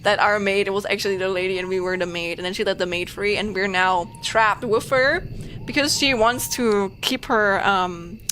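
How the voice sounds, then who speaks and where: A woman's voice: medium pitch, moderate pace, fairly bright tone, a little hiss or hum. A woman with a German accent, a VTuber host chatting casually and giggling while recapping a story game. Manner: giggly, rambling with many fillers. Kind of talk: casual game-stream chat.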